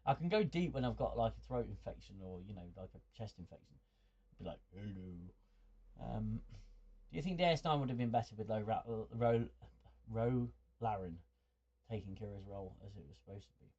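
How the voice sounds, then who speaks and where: A man's voice: on the low side, fast talker, warm tone. Male livestream host, mid-range voice, chatty and stumbling, muffled lo-fi sound. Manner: stammering, repeats words while thinking; chuckles often, chatty. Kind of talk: livestream chat reading viewer comments.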